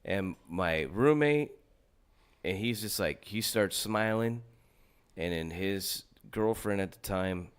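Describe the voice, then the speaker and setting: A man with a very low, smooth and resonant voice holds forth in a loose podcast chat. He rambles, swears freely and keeps restarting his sentences. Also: slow. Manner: rambling and profane, with many restarts.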